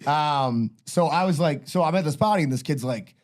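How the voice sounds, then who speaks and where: A man's voice: a little high, lively intonation, brisk. A man in his forties telling a rambling, profane story in casual podcast chat, full of "like" and quoting himself. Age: 40s.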